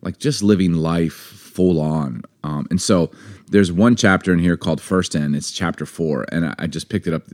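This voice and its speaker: A man in his forties co-hosting a casual chat about a book, rambling and animated with lots of fillers. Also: sits low, normal speed. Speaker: podcast co-host.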